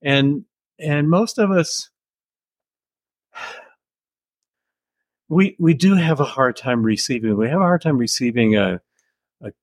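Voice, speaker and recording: An older American man, an author answering interview questions in a measured, thoughtful storytelling way with soft chuckles. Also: mid-range voice, dry recording.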